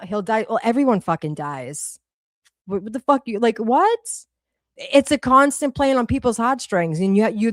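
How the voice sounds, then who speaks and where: A woman's voice: mid-range voice, no room sound, clean studio sound. Blunt, profane woman ranting on a stream. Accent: Boston. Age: 40s. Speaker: livestream co-host. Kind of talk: heated casual commentary.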